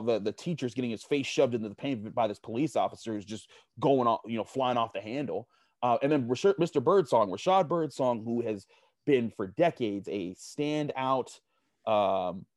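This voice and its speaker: A man's voice: medium pitch, darkish tone, dry recording. A man guest in a casual interview, telling stories at length with many restarts and fillers. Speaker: sports media guest.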